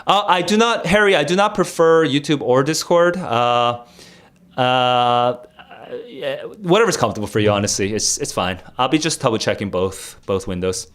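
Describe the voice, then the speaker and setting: A young man on a casual livestream, talking through vocabulary with his chat. He rambles, leans on fillers, and restarts his sentences, at an ordinary mid pitch for a man. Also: normal speed, a bit bright. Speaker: streamer and test tutor.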